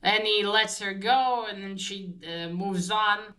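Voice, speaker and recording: A woman's voice: medium pitch, pushed and bright, poor audio. Hesitant woman retelling a story. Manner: hesitant, many filler pauses. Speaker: book discussion host. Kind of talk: casual retelling of a novel.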